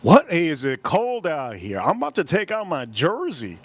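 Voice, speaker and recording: Man, Miami accent, somewhat high voice, loose rambling live-stream host. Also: huge pitch swings. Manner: rambling, drawn-out words. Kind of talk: casual live-stream chat. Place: cold room at home.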